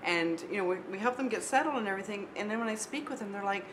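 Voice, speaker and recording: A woman's voice: medium pitch, lively intonation, quick pace. A middle-aged woman hosting a radio talk show, upbeat and enthusiastic as she interviews a guest. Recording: radio recording with background noise.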